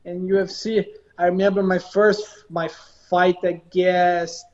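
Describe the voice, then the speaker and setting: A man from Brazil with a Brazilian Portuguese accent, answering interview questions in halting, repetitive English. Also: high voice, little pitch movement, a little mellow, dull audio. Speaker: professional fighter.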